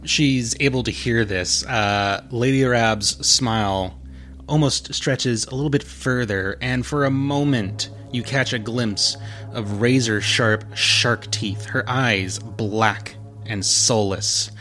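A man narrating a tabletop game as game master, descriptive and unhurried, with frequent "uh" fillers. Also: mid-range voice, a bit bright. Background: background music.

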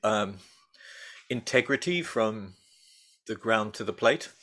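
Appearing as a guest in a casual interview, a middle-aged baker and food writer rambles hesitantly, restarting often and using many fillers. His lowish voice is expressive, slow and fairly bright.

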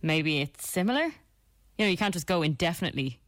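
A woman's voice: lowish voice, animated, quick pace, a bit bright, no room sound, studio quality. A young woman co-hosting a radio show, giggly and self-deprecating. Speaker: radio co-host. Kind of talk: casual radio chat. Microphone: studio microphone.

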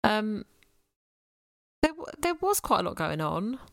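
A woman in a relaxed film review chat, talking at a middle pitch and giggling between dry little asides. Her voice is recorded close and dry. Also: unhurried, gravelly, no echo. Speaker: podcast co-host.

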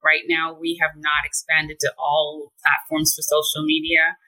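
A woman guest therapist speaking in a calm, measured way and laying out her tips one by one. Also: sits low, poor audio. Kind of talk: advice-giving interview talk.

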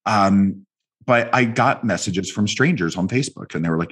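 A man speaks as a guest in an interview, his voice sitting very low. There is a husky grain to it as he tells his stories with lively energy, slipping into the voices of the people he quotes. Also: fairly quick. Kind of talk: conversational interview storytelling.

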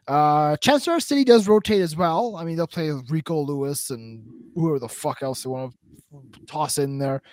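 A man's voice: fairly high pitch, dry recording. A man co-hosting a casual football podcast, joking and teasing the others as he gives his picks. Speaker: podcast co-host. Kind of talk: casual sports betting chat.

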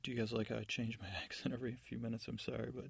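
Guy rambling a sleepy bedtime story, gravelly husky voice, dry close sound. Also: level tone, rapid-fire, dry recording. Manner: meandering, low-key, with asides to listeners. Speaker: podcast host and storyteller.

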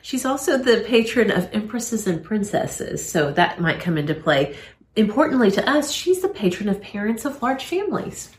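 A woman from the United States co-hosting a podcast, bubbly and quick to laugh at herself in casual chat. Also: medium pitch, very animated. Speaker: podcast co-host. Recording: roomy echo.

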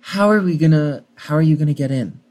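A man's voice: a little high, brisk, a little mellow. A man playing a tabletop role-play game, asking skeptical, practical questions. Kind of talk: casual role-play chat.

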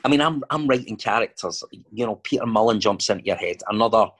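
A man's voice: lowish voice, expressive, fast talker, a bit bright, slightly rough. A Scottish man chatting casually as a guest, telling stories and wandering off into digressions with lots of fillers. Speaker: actor and filmmaker guest. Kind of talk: casual chat.

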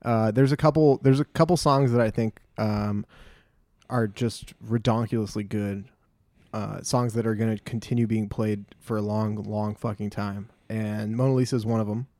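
A man's voice: on the low side, fairly even intonation, moderate pace, dark tone, no room sound, clean studio sound. A man from Los Angeles co-hosting a podcast, chatting casually and enthusiastically about music, swearing freely and restarting his sentences. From Los Angeles, USA. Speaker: podcast co-host.

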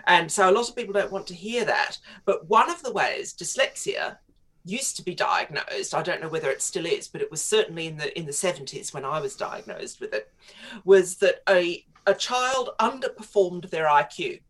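A woman's voice: on the low side, animated, normal speed, a bit bright. A woman in her fifties, a guest writer on a radio talk show, chatting in a digressive way and laughing often.

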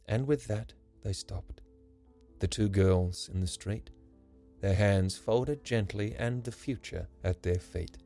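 A man narrating a rhyming story for his podcast, with a gentle, measured delivery. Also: lowish voice. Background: soft music.

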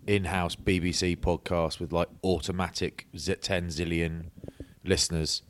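Teasing low-voiced British podcast co-host. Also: male voice, flat delivery, measured pace, a little hiss or hum. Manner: teasing, rambling, lots of likes and ums. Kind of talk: casual banter podcast.

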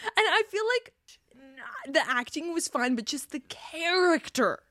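A woman's voice: high-pitched, slow pace, no room sound, studio quality. A young woman co-hosting a podcast, chatting casually and playfully about a film. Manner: animated, laughing, playful mock voices. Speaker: podcast co-host. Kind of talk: casual chat.

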